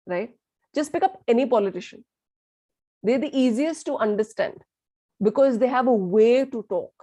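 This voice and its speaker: A workshop trainer with a mellow, mid-range voice runs a communication class. She speaks emphatically and repeats words, quizzes the class with questions, and slips into Hindi phrases.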